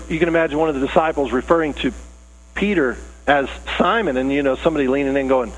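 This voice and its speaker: A man's voice: a little high, quick pace, poor audio. A man preaching a conversational sermon, earnest and casual with rising emphasis. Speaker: pastor.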